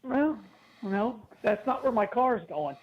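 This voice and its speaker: A man's voice: extremely high pitch, lively intonation, a little slow, crowd noise, low-quality recording. A man in his fifties, a regular guest on a radio show, chatting in an agreeable way and laughing easily. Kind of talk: casual radio chat.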